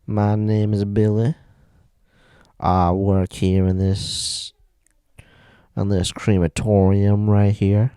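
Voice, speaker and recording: A man putting on a loud Southern accent to play a crematorium worker. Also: lowish voice, flat delivery, takes it slowly, pauses often, smooth, no echo, clean studio sound. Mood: boisterous. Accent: American Southern.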